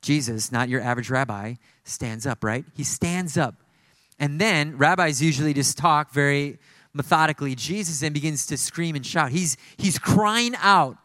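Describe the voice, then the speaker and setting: A male pastor delivers a fervent, emphatic sermon at a moderate pace, often circling back to repeat his key phrases. His voice sits a little high for a man and comes across pushed and bright. The recording is close and dry, with no room echo.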